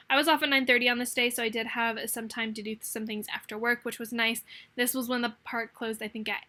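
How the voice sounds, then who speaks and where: Fast, chatty young woman vlogger. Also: a little high, pushed and bright. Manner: chatty, rambling, fast-talking. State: caffeinated and hyper. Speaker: planner vlogger. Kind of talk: casual plan-with-me voice-over.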